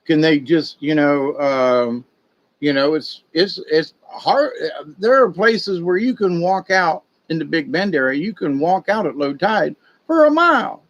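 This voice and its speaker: Man, casual spiritual talk host, folksy and digressive, slightly raised pitch, dull lo-fi recording. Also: lively intonation, measured pace. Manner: folksy, digressive, conspiratorial storytelling. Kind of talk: rambling casual monologue.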